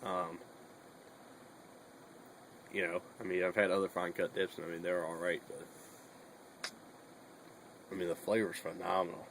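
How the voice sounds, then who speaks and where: A man's voice: sits low, little pitch movement, a little slow, long pauses, fairly bright tone, slight background noise, rough recording. A young man chatting casually in a bedroom vlog, rambling and swearing a lot between fillers. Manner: rambling and profane, with many fillers.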